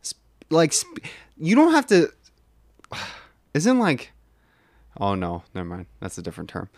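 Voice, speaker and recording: A man's voice: medium pitch, huge pitch swings, unhurried, creaky, dry recording, clean studio sound. A young American man co-hosting a podcast, opinionated and ranting in casual chat, with slightly mumbled words. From United States. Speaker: podcast co-host.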